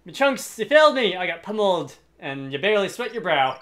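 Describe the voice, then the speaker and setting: A gamer voicing a burly, boastful male warrior brute in a rough attempt at a Scottish accent, reading game dialogue in character. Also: medium pitch, sing-song, brisk, a bit bright. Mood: gruff. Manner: bellowing, gruff, boisterous.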